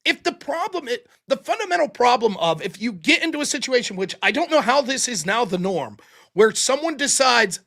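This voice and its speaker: High, bright-voiced male call-in host. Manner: fast, animated, talks over callers. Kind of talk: livestream call-in chat.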